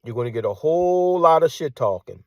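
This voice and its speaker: A man rants in a combative monologue, hammering the same lines again and again and throwing out rhetorical questions. His voice sits fairly high, at times sinking to a hushed tone. The recording is close and dry, with no room sound. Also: animated, a little fast, dry recording. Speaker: commentator. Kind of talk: ranting monologue.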